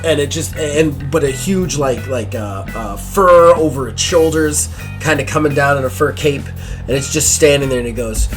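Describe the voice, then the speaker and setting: A man's voice: on the high side, normal speed, soft background music. Man narrating a tabletop game. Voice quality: loose, filler-heavy narration. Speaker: game master.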